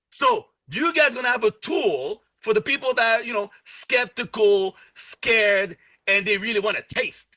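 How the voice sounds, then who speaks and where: High-pitched guy hyping a membership deal live, talks to chat, bright voice. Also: normal speed. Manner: energetic, repetitive, salesy, playful asides. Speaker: presenter pitching a travel membership.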